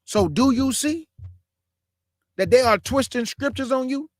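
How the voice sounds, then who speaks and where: High-voiced man preaching emphatically. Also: no room sound, clean studio sound. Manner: emphatic, fires rhetorical questions at listeners; reads scripture aloud slowly and deliberately. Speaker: online Bible teacher. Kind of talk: preaching Bible commentary.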